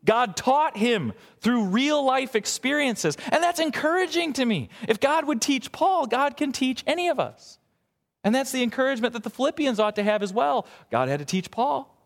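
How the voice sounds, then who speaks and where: A man preaches with a lively, swinging pitch. He presses key words hard, then drops to quiet, slow asides. His voice carries a long reverb, as if he is in a big church hall. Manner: expressive preaching, swings between emphatic highs and quiet asides. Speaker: pastor. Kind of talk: sermon.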